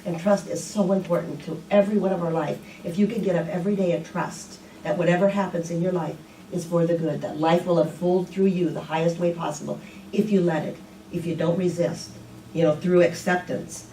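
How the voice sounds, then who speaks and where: A woman's voice: on the low side, brisk, a little hiss or hum. Woman minister preaching in an echoey hall. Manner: conversational, repeats "you know", animated when telling stories. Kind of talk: informal sermon. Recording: echoey room, mic at a distance.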